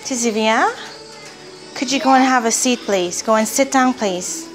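High-voiced mother, patient and repetitive. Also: unhurried. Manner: patient, repeats gentle questions and requests. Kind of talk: casual family talk with children. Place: home at bedtime. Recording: music playing in the background. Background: music.

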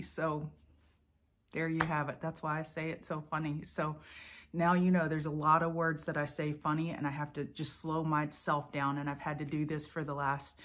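Female host, rural Louisiana accent, low-pitched, playful chatty delivery. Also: fairly even intonation, moderate pace. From central Louisiana. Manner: playful, chatty, laughs often. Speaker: trading show host. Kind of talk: casual chat to camera.

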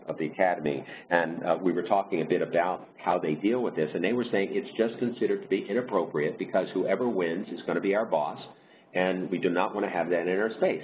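Deep-voiced man over a tinny line. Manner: measured, explanatory, with frequent um and restarts. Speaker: diversity consultant leading a webinar. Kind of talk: presentation talk over slides. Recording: tinny phone-like line with faint noise.

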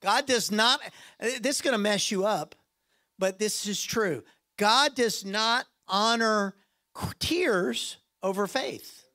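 A man preaching a sermon in a church with a lively, animated delivery. He jokes with the room and often acts out other voices as he talks. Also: high voice, slow pace. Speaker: guest preacher.

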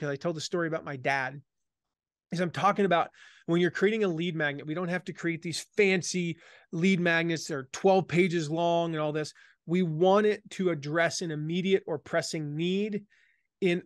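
Male guest author, slight Southern American lilt, energetic and emphatic, a bit higher-pitched, dry close sound. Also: no echo. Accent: slight Southern American, faded by Midwest years. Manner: energetic, emphatic, repeats key phrases. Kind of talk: conversational interview.

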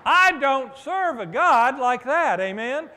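High-voiced preacher in a reverberant hall. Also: male voice, very animated, slow, pushed and bright. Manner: preacherly, with call-and-response "amen?" and playful asides. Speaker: pastor. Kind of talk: sermon. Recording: long reverb of a large hall.

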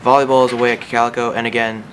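A man giving a casual, quick rundown of school sports results. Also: medium pitch, level tone, a bit bright, a little hiss or hum. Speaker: sports announcer.

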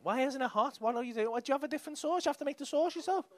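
A man's voice: very high voice, racing. A young man with a Liverpool accent doing brash, sweary crowd work as a stand-up comedian on a club stage. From England.

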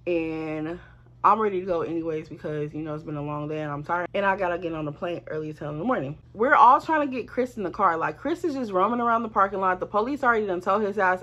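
A woman telling a casual storytime to her viewers, animated and swearing freely. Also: medium pitch, quick pace. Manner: animated, swearing, slangy, addresses viewers as y'all. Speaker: storytime vlogger.

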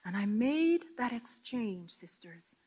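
A woman giving an impassioned testimony to a women's gathering, swinging from hushed whispers to loud, tearful outcries. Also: fairly high pitch, sing-song, takes it slowly, husky. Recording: long hall reverb.

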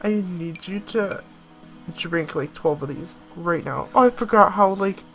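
A woman's voice: lowish voice, measured pace, fairly bright tone, faint music behind. A woman in her late teens giving casual, chatty let's-play commentary, bossing her game characters around and laughing often. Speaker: gaming YouTuber.

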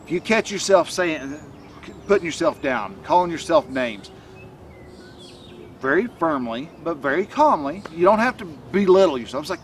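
Man, motivational vlog talk, rambling with fillers, slightly high voice, mic set back, faint traffic behind. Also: lively intonation, normal speed, distant mic. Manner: rambling, with many restarts and fillers. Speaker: self-help vlogger and coach. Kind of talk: casual motivational talk to camera.

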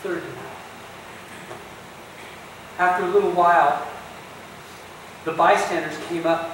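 A man preaching a sermon as a pastor, telling the story with animated emphasis and speaking directly to his listeners. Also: high voice, moderate pace, pauses often, background noise. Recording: very echoey distant church recording.

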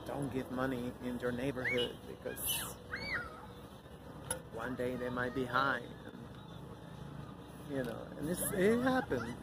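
Blunt middle-aged man over loud traffic. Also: medium pitch, takes it slowly, vocal fry, pauses often. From Mexico. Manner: blunt, outspoken, rambling with many fillers. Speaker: vlogger. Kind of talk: casual outdoor vlog rant. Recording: loud outdoor traffic noise.

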